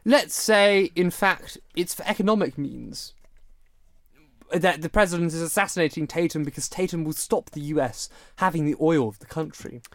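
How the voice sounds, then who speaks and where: A man's voice: fairly high pitch, moderate pace, no echo. A man hosting a casual political chat show, speaking in a mock-formal way and laughing often. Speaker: podcast host.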